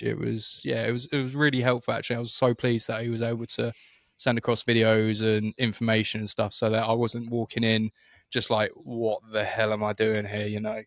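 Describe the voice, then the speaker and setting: A man's voice: fairly low pitch, gravelly, dry recording, clean studio sound. A man with a British accent, co-hosting a casual podcast and telling a long story with many fillers and restarts. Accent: British English. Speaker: podcast co-host. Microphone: studio microphone.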